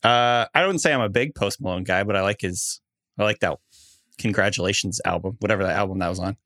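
A man's voice: lowish voice, fast, a bit bright, no echo, studio quality. A man in his thirties co-hosting a podcast, chatting animatedly and laughing a lot. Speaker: podcast co-host. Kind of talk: casual chat.

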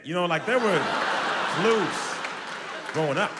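A young man performs stand-up in a large venue, his high voice swinging wildly between registers as he shouts punchlines. The sound carries a long hall reverb and a crowd in the background. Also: measured pace, very noisy. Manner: loud, animated, jumps to high shouts. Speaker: stand-up comedian. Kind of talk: stand-up comedy set. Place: large comedy venue on stage. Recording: live show in a hall with audience.

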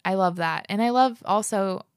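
On her podcast, a woman chats casually and reads listener letters aloud, gushing throughout and saying "like" constantly. Her mid-range voice moves at a moderate pace with a clean tone. The studio-quality audio has no echo.

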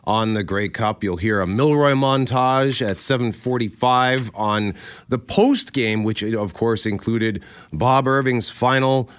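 A man co-hosting a morning radio show, telling stories animatedly and still a little hoarse from a cold. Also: mid-range voice, measured pace, no echo. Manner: animated storytelling, acts out quoted voices. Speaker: radio co-host. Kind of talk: casual radio chat. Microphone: studio microphone.

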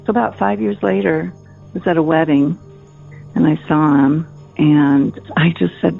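Caller, woman in her fifties: animated storyteller with a gravelly edge, phone-line sound. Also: on the low side, a little slow, faint music behind. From Minnesota. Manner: chatty, animated storytelling with nervous laughs.

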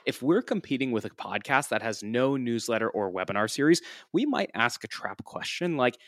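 A man's voice: medium pitch, sing-song, moderate pace, few pauses, dry recording, studio quality. Upbeat male podcast host. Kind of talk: casual podcast chat.

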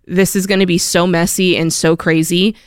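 Woman radio advice host, firm and practical, smooth voice, dry studio sound. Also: lowish voice, little pitch movement, moderate pace, no room sound. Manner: direct, practical, laughs while staying serious.

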